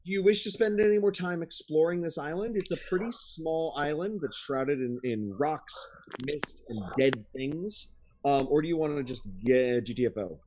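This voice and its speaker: A man's voice: a little high, moderate pace, darkish tone. A man narrating as game master of a tabletop game, casual with many fillers.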